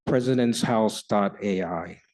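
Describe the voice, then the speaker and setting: A man with a low, warm, mellow voice speaks on a panel as the project's architect. He talks in a measured way, pausing with ums as he goes. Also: poor audio. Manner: measured, with filler pauses. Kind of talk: panel talk.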